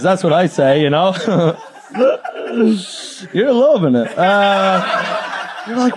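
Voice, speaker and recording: A young man doing crude stand-up on stage, laughing as he swings between high yelps and low mutters. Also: background noise. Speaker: stand-up comedian. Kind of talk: live stand-up set. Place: comedy club stage. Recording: live club with loud crowd laughter.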